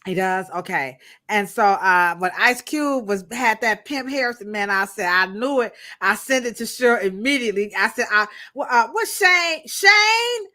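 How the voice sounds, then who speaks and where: Bright-voiced playful woman co-host. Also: medium pitch, moderate pace, hardly any pauses. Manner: playful, slangy, laughing, talks to the chat. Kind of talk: casual live-stream chat.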